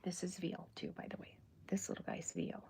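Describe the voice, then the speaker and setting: A woman chatting in a soft-spoken, whispery way during an ASMR drawing livestream, rambling and correcting herself as she goes. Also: lowish voice, sing-song, brisk, gravelly. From American South. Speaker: cartoonist streaming live.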